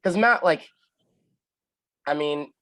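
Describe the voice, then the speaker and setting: A man's voice: fairly high pitch, slow, pushed and bright, rough recording. A man, rambling casually through a story, full of "like" and acted-out quotes. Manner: rambling, lots of "like", acts out quotes. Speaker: podcast co-host telling a story.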